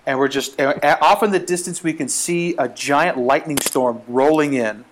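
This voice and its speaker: A man casually telling a travel story as a podcast guest, animated, acting out the voices in it. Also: on the high side, moderate pace, slight background noise.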